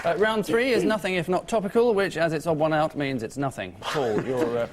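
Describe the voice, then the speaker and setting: A man with a slightly raised pitch reads out his scripted gags in a flat, deadpan manner, like a panel show host. Audience laughter and studio noise sit clearly behind him. His timing is dry and measured throughout. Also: a loud crowd. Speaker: guest host.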